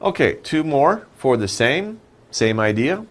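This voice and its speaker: A man's voice: medium pitch, sing-song, a little slow. A man teaching an English vocabulary lesson, patiently repeating words and asking questions before answering them himself. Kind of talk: slow, animated vocabulary lesson.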